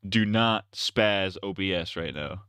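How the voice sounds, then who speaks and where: A man's voice: low voice, measured pace, fairly bright tone, clean tone, no room sound. A man streaming a game live, rambling in a crude, profane and goofy way. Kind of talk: casual gaming stream commentary.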